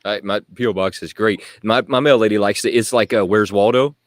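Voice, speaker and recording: A man chatting as a guest on a casual livestream, joking and quick to laugh. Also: on the low side, no echo, studio quality.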